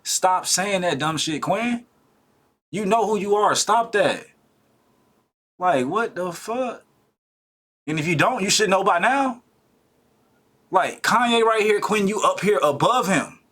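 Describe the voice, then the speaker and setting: Husky man ranting in a reaction video. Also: sits high, lively intonation, slow pace, long pauses, fairly bright tone. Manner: emphatic, profane, scolding and laughing often. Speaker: reaction streamer. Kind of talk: casual reaction commentary.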